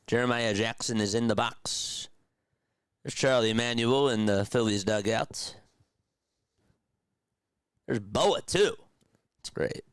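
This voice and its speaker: A man's voice: medium pitch, slow pace, pauses often, clean tone, no echo. A young man calling a game radio-style from a stream, chatting with his viewers and mixing calls with sarcastic opinion. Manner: chatty, talks to chat, sarcastic asides; animated, jumps between calls and opinions. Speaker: play-by-play host. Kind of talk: radio-style play-by-play commentary.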